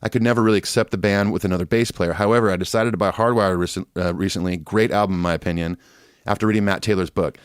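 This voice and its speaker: A man's voice: low voice, steady tone, fast, clean tone, no echo, studio quality. A man co-hosting a podcast in casual chat, reading listener emails in a laid-back, rambling way and laughing often. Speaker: podcast co-host. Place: Nashville.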